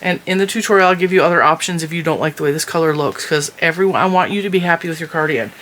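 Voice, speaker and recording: A woman's voice: low voice, very fast, a bit bright, a little hiss or hum. A woman hosting her own crochet tutorial channel, chatty and giggly, often stopping to correct herself as she explains.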